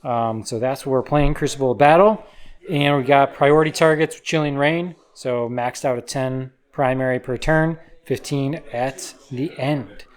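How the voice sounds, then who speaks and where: A man in a laid-back, easygoing manner walks through his army and where he placed it. He often pauses with fillers as he talks. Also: medium pitch, clean tone. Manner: laid-back, filler-heavy, explains deployment. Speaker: co-host player. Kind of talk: casual battle report talk.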